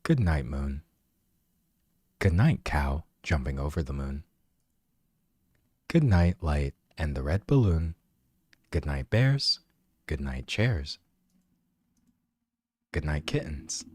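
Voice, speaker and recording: A man reading a bedtime story aloud in a soft, hushed, low audiobook narrator voice. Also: very animated, slow, long pauses, husky, no echo, clean studio sound, heavily acted. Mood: soothing.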